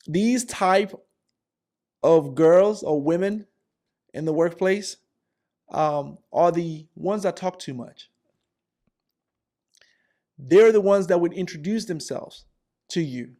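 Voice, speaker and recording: A man's voice: fairly high pitch, slow, pauses often, dark tone. A man in his forties giving workplace advice, telling stories and acting out coworkers with lots of repetition. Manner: repetitive, acts out characters. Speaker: career vlogger. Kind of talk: animated storytelling advice.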